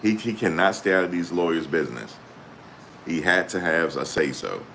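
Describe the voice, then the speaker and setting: A male channel host reads court updates aloud and reacts in an animated, blunt, slangy way, swearing freely. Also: sits low, normal speed, gravelly, a little hiss or hum. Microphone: desktop USB microphone.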